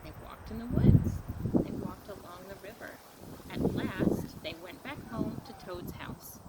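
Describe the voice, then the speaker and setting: A woman with a medium-pitched voice reads a picture book aloud to a child, gentle and expressive, stopping now and then to ask questions. Heavy background noise runs underneath.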